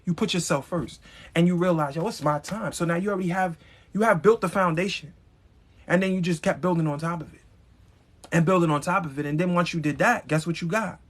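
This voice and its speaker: In a slightly high, fairly quick voice, a man running a live stream delivers a blunt, emphatic motivational talk directly to his viewers, dropping some profanity along the way.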